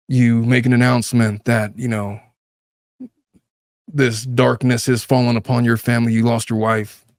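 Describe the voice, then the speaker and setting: Male commentator, exasperated and rambling, mid-pitched, dry recording. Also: no echo. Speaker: legal commentator. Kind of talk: casual commentary on a clip.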